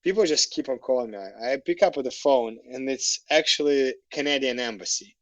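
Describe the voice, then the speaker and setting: A man telling a long personal story as a podcast guest, lively and animated, acting out the conversations he recounts. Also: mid-range voice, a little fast, dry recording, rough recording.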